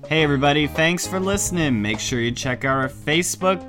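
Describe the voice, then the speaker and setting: A man's voice: on the high side, animated, fairly quick, hardly any pauses, music in the background. A man hosting a casual podcast, quizzing his co-host with dry, teasing jokes.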